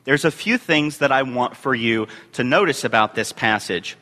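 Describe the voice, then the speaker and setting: A man preaching a sermon as a youth and family minister, reading scripture in measured phrases with emphatic rises. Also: mid-range voice, pushed and bright. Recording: long hall reverb.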